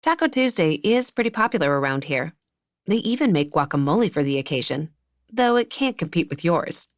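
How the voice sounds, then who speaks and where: A woman voicing a wry young woman doctor with a deadpan sense of humor, in audiobook dialogue. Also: low voice, brisk, no room sound.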